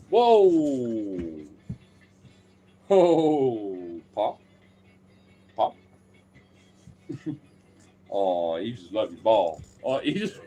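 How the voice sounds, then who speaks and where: A man's voice: huge pitch swings, a little slow, long pauses, a little mellow, slight background noise. A man talking casually and playfully to his dogs in a vlog, teasing them and swearing lightly. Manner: playful, teasing, swears casually, jumps into high baby-talk pitch with the dogs.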